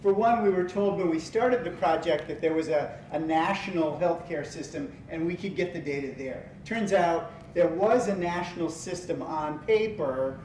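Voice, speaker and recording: A man giving a practice presentation at a workshop in a steady, explanatory way. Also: on the high side, moderate pace, hardly any pauses. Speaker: workshop participant. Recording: distant, echoey room with faint noise.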